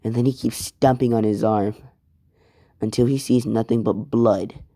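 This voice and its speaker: A man's voice: fairly low pitch, steady tone, normal speed, warm tone, dry recording, studio quality. A man casually telling a fan story in a laid-back, rambling way, with some swearing.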